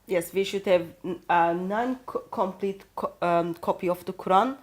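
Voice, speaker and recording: A woman with a Turkish accent who speaks English as a second language, talking carefully with frequent pauses and self-corrections. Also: lowish voice. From Turkey. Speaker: co-host. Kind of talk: apologetics discussion.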